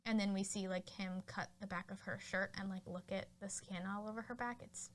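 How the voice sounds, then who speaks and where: A woman's voice: medium pitch, fairly even intonation, a little fast. A woman hosting a podcast, casually retelling a film's plot with lots of fillers. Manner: chatty, full of fillers like "like" and "you know". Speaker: podcast host. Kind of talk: casual film recap.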